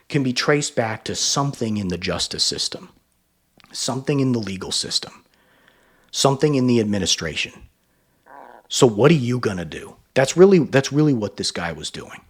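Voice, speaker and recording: A man's voice: mid-range voice, animated, a little fast, breathy edge. A man giving emphatic reaction commentary on a video, now and then mocking others in a sneering voice.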